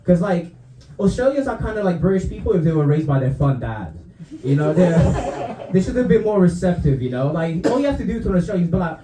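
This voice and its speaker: A young stand-up comic from Romania works a club crowd, his voice swinging up and down as he chuckles through his own punchlines. His tone is warm and mellow, and the stage mic picks up the room's echo around him. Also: high-pitched, lively intonation, a little fast. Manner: laughs often at his own jokes, dry asides. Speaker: stand-up comedian. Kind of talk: stand-up routine. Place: comedy club.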